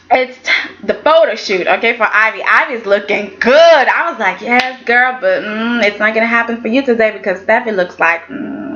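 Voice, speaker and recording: A woman's voice: a little high, pushed and bright, dull audio, a little hiss or hum. A woman chatting casually as she reviews a soap opera episode, sassy and chatty, often tagging her lines with okay. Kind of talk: casual vlog recap.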